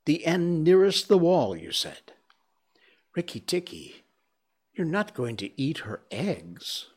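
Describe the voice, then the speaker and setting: A man's voice: a little high, big pitch swings, slow, darkish tone, slightly rough, pitched above the performer's own voice, heavily acted. A man putting on a chirpy, silly little songbird. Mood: sing-song. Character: small silly male tailorbird, boastful singer.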